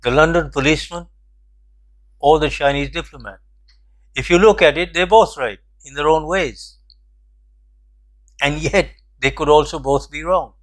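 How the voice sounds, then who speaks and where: A somewhat high-pitched older man tells a story from his past. He speaks in a measured, reflective way and pauses to make his point. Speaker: host. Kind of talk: storytelling commentary.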